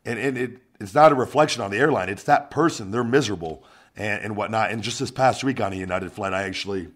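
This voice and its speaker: A man with a low voice hosts a casual podcast. He talks in an animated, profane way, piling up stories with restarts. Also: fast talker. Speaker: podcast host, former wrestler.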